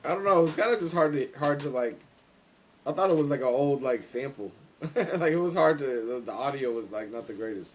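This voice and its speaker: A man's voice: medium pitch, lively intonation, fairly quick. A man co-hosting a podcast, talking bluntly in casual banter. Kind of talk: casual chat.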